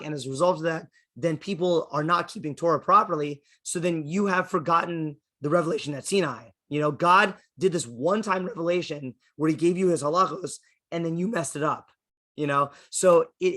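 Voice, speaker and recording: Man, fairly high-pitched, rabbi lecturing a class, conversational and explanatory, checks in often. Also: fairly bright tone. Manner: thinks aloud with restarts. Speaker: rabbi teaching a Torah class.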